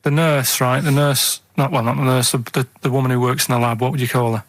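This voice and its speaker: A man's voice: medium pitch, level tone, fast, no room sound. A man from Manchester on a radio show, spinning a meandering tale that keeps stalling. Each point ends with "right?", and he is miked close and dry in the studio. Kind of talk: rambling anecdote on radio. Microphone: studio microphone.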